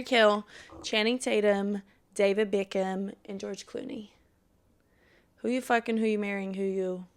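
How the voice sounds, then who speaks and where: A young woman hosting a solo podcast, chatting casually and profanely, then giving a fired-up pep talk. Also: medium pitch. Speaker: podcast host.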